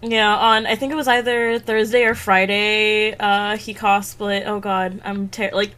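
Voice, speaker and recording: Excitable, self-mocking podcast woman. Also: mid-range voice, measured pace, clean tone. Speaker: podcast co-host. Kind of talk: casual chat.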